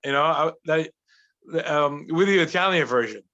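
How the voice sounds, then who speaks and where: Animated man, bright and lifted. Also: fairly high pitch, normal speed, lo-fi sound, slight background noise. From Providence, Rhode Island. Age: 40s. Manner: animated, eager storyteller. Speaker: guest actor and writer. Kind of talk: casual podcast chat.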